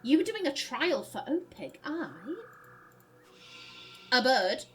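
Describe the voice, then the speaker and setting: A woman's voice: high-pitched, sing-song, slow, fairly bright tone, soft background music. A woman hosting a puzzle game let's play, reading clues aloud and musing as she works them out, laughing easily.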